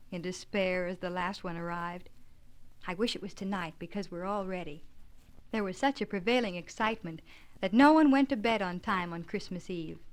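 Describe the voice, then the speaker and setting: Lady reading a kids' classic out loud, gentle, bit of voice for the kids' lines. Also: medium pitch. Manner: gentle, expressive narration with lively dialogue. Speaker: audiobook reader. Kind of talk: storybook reading with light character voices.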